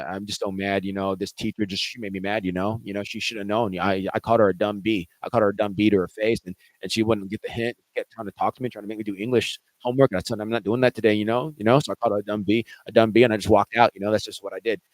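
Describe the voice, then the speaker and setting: A man's voice: lowish voice, fairly even intonation, dry recording, close to an everyday voice, poor audio. A man voicing a venting angry schoolboy. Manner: rambling, halting, restarts with "you know". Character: angry teenage boy student venting.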